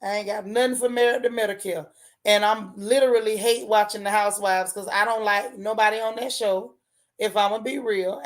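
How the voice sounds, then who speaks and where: A woman hosting a casual gossip livestream, chatting with viewers in a sassy way and repeating lines for emphasis. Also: medium pitch. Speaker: host of a gossip and TV recap livestream.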